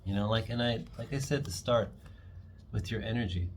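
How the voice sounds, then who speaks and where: A man's voice: fairly low pitch, fairly quick, slight background noise. A man giving a casual, enthusiastic tarot reading, chatty and often acting out imagined quotes. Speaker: tarot reader.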